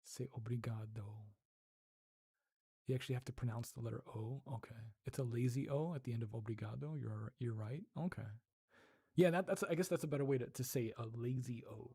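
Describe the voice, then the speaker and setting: A man's voice: mid-range voice, a little fast, creaky, dark tone, husky. A man casually chatting on a livestream, reading chat, laughing often and repeating words as he tries out pronunciations. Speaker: streamer reading live chat.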